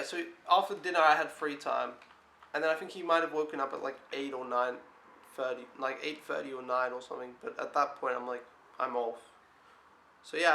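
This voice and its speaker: A man's voice: on the high side, sharp tone. A young man who is an au pair, giving a casual vlog recap in a blunt, exasperated way and swearing freely. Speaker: au pair vlogger. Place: indoor room in a home. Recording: roomy echo.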